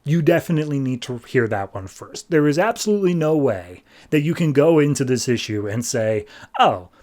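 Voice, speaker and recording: A man's voice: mid-range voice, animated, brisk, warm tone. A man hosting a podcast, recapping a comic book in a casual, rambling way with sarcastic asides. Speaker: podcast host.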